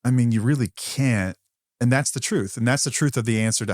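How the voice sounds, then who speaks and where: A man co-hosts a podcast, speaking in a mid-range, darkish voice at a brisk clip. He's candid and blunt, chatting conversationally with some mild swearing, and the recording is dry with clean studio sound.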